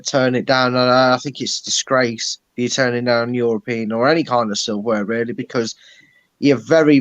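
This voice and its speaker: A man's voice: medium pitch, no room sound. A man co-hosting a football fan channel, opinionated and sardonic in casual chat. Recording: dry, dull lo-fi mic.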